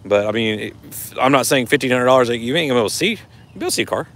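A man's voice: mid-range voice, expressive, very fast, a bit bright. A man casually chatting on a livestream and reading out viewer comments in a laid-back, laughing way. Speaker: vlogger reading live chat.

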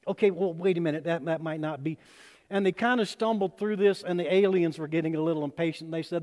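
A pastor preaches from the pulpit, his voice a bit higher than most men's. He tells his story with lively acted-out voices, rising loud and dropping to a hush. The sound carries a long church reverb. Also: fairly quick. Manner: storytelling, acts out quoted voices with sudden loud and soft turns. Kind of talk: sermon. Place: church sanctuary.

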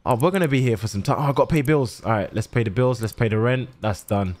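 A man's voice: mid-range voice, fast talker, a little mellow. A young man chatting to his chat while he plays a shop game, swearing often. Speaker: streamer playing a shop simulator. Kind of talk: casual gameplay commentary to chat.

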